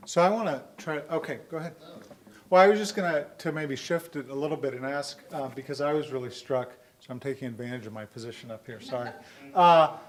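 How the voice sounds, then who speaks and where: Hesitant male panel moderator. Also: mid-range voice. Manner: hesitant, halting, self-interrupting.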